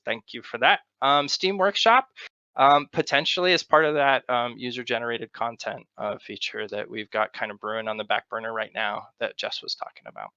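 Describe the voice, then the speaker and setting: American man, Arizona, casual Q&A, gravelly, dull lo-fi call audio. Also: mid-range voice, dry recording. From Arizona, USA. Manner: relaxed, halting, with many restarts. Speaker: game developer. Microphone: computer mic on a voice call.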